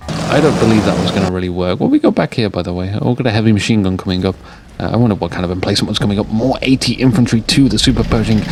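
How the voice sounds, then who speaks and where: Man, low-ish voice, tired, rambling, jokey game commentary, gunfire and vehicle noise behind. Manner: rambling, jokey, drifts off topic. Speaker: game caster. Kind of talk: sleepy late-night game commentary. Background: game sounds of gunfire and vehicles.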